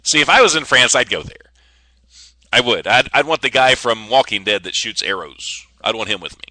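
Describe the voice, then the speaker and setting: A man's voice: mid-range voice, animated, moderate pace, sharp tone, no room sound. A man hosting a casual solo podcast, rambling and joking with frequent stammers and restarts. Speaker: podcast host.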